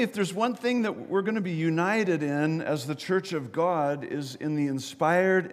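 A man giving a sermon as pastor, talking to the congregation in a chatty way with repeated words and quick asides. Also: a little high, long reverb tail. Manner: conversational preaching with repeated words and audience asides. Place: church sanctuary.

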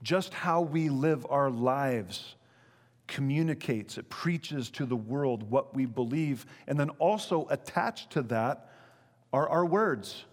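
A man's voice: medium pitch, animated, slow. A man preaching a sermon as pastor, earnest and conversational, full of rhetorical questions. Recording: long hall reverb.

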